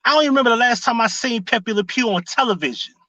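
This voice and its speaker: A man's voice: very high voice, racing, sharp tone, no echo, highs cut off. A man hosting a casual live stream, firing off sarcastic rhetorical questions and greeting viewers in the chat. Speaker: livestream commentary host.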